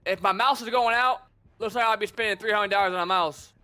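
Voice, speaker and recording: Young streamer dude, high bright voice, hyped and swearing a lot while he plays. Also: a little fast, smooth. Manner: excitable, swears, frequent "bro" and "dude". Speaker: gaming streamer. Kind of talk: casual gameplay commentary.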